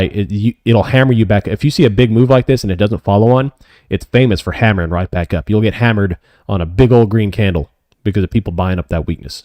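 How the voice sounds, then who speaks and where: A man hosting a live options trading stream, calling his trades as they happen and answering chat questions, often excited. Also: on the low side, dry recording. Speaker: options trading livestream host.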